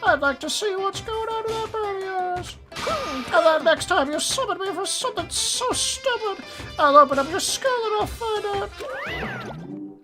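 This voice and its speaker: A man voicing a sneering male cartoon bear mascot, reading video game dialogue in a shrill, mocking, exasperated voice. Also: wildly swooping pitch, a little slow, music in the background, full character voice, rough recording. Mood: irritated.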